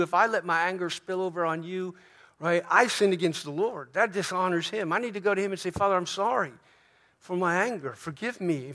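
A male pastor preaching a sermon earnestly, dropping into soft, prayerful tones. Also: high-pitched.

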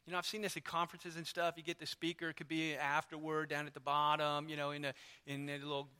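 A man's voice: a little high, flat delivery, fast, pushed and bright, clear, resonant tone. A man preaching a sermon in a church, conversational and storytelling with frequent asides. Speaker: pastor.

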